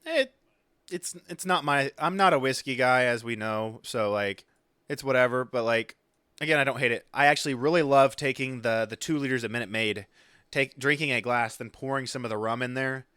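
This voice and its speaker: A man's voice: medium pitch, normal speed, bright, forceful tone, smooth, no room sound, studio quality. A laid-back, joking man with an Oklahoma Southern twang, co-hosting a podcast in casual chat. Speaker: podcast co-host.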